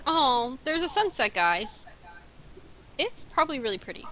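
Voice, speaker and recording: A woman playing at a tabletop game table, excitable and giggly. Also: high-pitched, a little slow, slight background noise, poor audio. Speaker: player. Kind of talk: casual chat at a game table.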